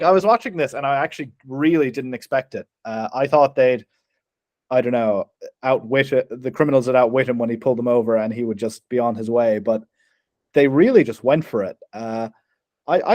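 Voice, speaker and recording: A young man with an Irish accent chats through a film review, laughing easily and tripping over his own restarts. His voice sits at an ordinary middle pitch. The sound is dry and close, with no room around it. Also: fairly quick, a little mellow, no room sound. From Ireland. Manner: chatty, laughs often, many restarts. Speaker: podcast co-host. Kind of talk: casual film review chat.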